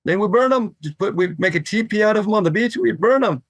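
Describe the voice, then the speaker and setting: Man voicing a breezy, dismissive old board-maker mentor, pitched high, dry sound. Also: animated, quick pace, a bit bright, dry recording. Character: laid-back older male surfboard-maker mentor.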